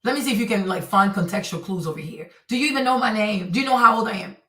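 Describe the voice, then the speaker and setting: Woman streamer, heated live-stream rant, bright voice a little off-mic in an echoey room. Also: medium pitch, quick pace, distant mic. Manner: indignant, repetitive rhetorical questions.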